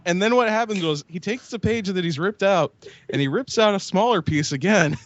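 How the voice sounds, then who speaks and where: A man co-hosting a podcast, telling a story in casual chat with a relaxed, amused manner. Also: high voice, a little fast, slight background noise. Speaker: podcast co-host. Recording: dull lo-fi podcast audio.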